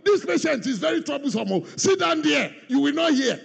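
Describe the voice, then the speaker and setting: A preacher putting on a shrill, bossy hospital nurse. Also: male voice, very animated, brisk, creaky, heavily acted. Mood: scolding. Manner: shrill, scolding, shouting orders. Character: bossy, impatient hospital nurse scolding a patient. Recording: long reverb of a large hall.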